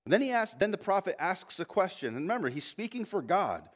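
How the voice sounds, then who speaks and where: Animated male pastor preaching a sermon. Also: quick pace. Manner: animated preaching with asides and repeated restarts; rises in pitch and volume when reading scripture aloud. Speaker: lead pastor. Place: church sanctuary.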